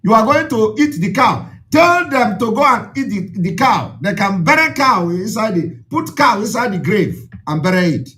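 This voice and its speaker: A man with a Nigerian accent, an Igbo speaker, delivers an impassioned address to his followers. He talks in a high voice that swings widely in pitch and drives points home by repeating them. The tone is emphatic and preaching throughout. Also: very animated, moderate pace, few pauses, pushed and bright.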